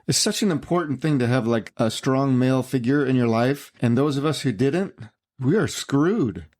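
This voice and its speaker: Earnest halting male podcast host. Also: medium pitch, animated, a little mellow. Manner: earnest, halting, leads the questions. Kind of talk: casual interview.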